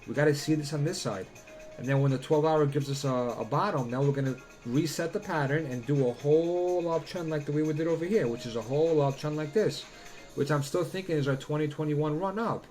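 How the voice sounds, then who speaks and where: A fairly high-voiced man walks through trading charts in a loose, conversational way, cursing freely and breaking into exasperated rants. Faint music plays underneath. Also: a little fast, darkish tone. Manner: blunt, swearing, ranting. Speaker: crypto trading analyst. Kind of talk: casual chart analysis with rants.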